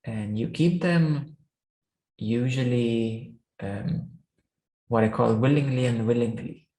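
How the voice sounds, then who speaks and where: A man giving a spiritual teaching talk as a meditation teacher, speaking haltingly with many restarts and fillers. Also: mid-range voice, dark tone, reverberant, low-quality recording. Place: room.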